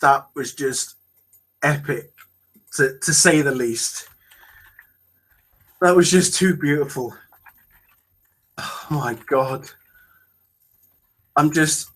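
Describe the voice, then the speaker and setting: A young man reacting to a trailer, gushing and close to tears, breaking off into exclamations and halting restarts. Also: medium pitch, fairly bright tone. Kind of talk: emotional reaction video.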